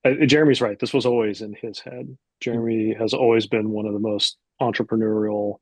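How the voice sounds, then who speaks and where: A man in his forties tells a story, his low voice slightly husky and recorded dry and close. He slips into bits of acted-out dialogue within a relaxed, casual telling. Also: fairly quick, no room sound. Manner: animated anecdote teller, acts out dialogue. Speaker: publisher, guest.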